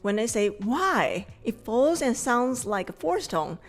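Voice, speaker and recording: A woman in her thirties whose first language is Mandarin, teaching a scripted lesson with clear, measured explanations. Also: a little high, animated, darkish tone. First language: Mandarin Chinese. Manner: clear, measured explanations with slow modeled drills.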